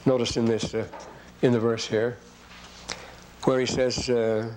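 A man's voice: medium pitch, flat delivery, measured pace, a little mellow, slight background noise, rough recording. A man teaching a scripture class who reads verses aloud and keeps breaking off to comment and question the class. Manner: rambling, asks the class questions.

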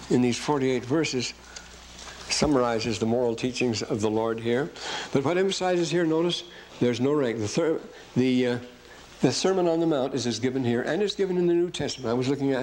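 A man giving an unscripted lecture on scripture, often losing his place, correcting himself and reading verses aloud with slow emphasis. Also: mid-range voice, darkish tone, a little hiss or hum, rough recording.

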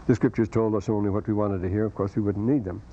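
A man's voice: fairly low pitch, steady tone, fast talker, warm tone. A man lecturing a university class on scripture, wandering off into scholarly asides as he reads and explains passages. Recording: dull lo-fi cassette lecture tape.

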